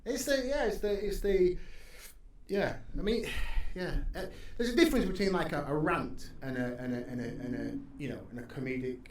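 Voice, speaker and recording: A man, a stand-up comedian chatting as a podcast guest, rambling and sweary, quick to laugh. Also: fairly high pitch. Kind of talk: casual podcast chat. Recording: roomy echo, faint background hum.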